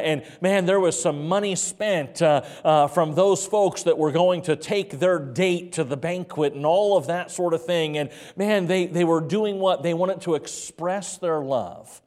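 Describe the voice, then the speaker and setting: A man pastor preaching a sermon in a church sanctuary, repeating words and stretching key phrases slowly, dropping to a hush for emphasis. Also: fairly high pitch, big-room sound.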